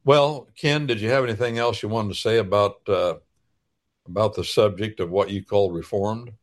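A man hosting a radio talk show, explaining in a folksy, preacherly way with drawn-out pauses. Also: fairly low pitch. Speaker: radio host.

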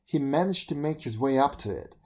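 Expressive fairy tale narrator, warm mellow tone, lively emphasis. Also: a little fast. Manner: expressive, shifting pitch for emphasis. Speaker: storyteller.

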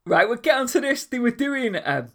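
A man telling anecdotes in a casual chat, animated and acting out the voices of people in his stories. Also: extremely high pitch, moderate pace.

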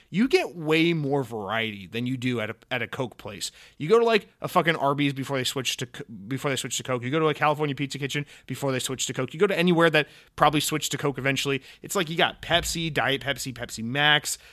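Rambling mock-serious male podcast host. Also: fairly high pitch. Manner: mock-serious, rambling, animated with many restarts and fillers. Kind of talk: solo podcast rant.

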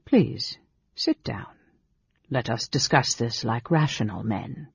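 A cool, softly mocking dark elf sorcerer, as a male narrator puts him on, his husky, gravelly voice kept low and unhurried. The audiobook recording is dull and lo-fi, dry and close. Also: no room sound, full character voice. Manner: calm, dry, condescending.

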